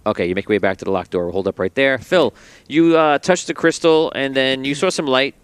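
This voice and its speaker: A man narrating calmly as game master of a tabletop game, with casual fillers. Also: mid-range voice, smooth, no echo. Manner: calm, measured scene narration with casual fillers.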